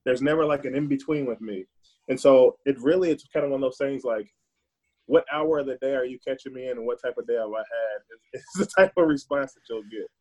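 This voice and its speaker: A man speaks earnestly at length in a conversational way, often repeating words while he looks for the next one. His voice is husky, with a dark, mellow tone. His pitch is in the ordinary middle range for a man. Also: brisk. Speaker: podcast guest. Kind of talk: conversational, reflective monologue.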